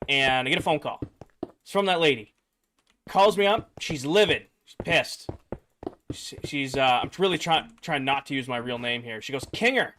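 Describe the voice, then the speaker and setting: A man's voice: fairly high pitch, a little hiss or hum. A young man streaming, rambling through a personal story for his chat and acting out the voices of the people in it. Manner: rambling, animated, acts out quoted voices.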